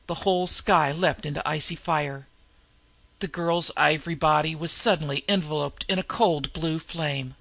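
Male narrator for dramatic fantasy reading; measured, slightly high, gravelly grain. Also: sharp tone, no echo.

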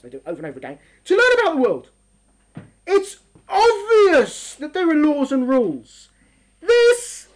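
A middle-aged woman teaching a lesson in an emphatic, animated way, full of rhetorical questions. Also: high-pitched. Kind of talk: lively classroom lesson.

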